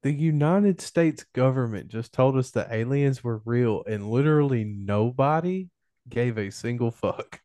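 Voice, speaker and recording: A man's voice: medium pitch, unhurried, warm tone, no room sound. A man in casual podcast chat, wry and dismissive.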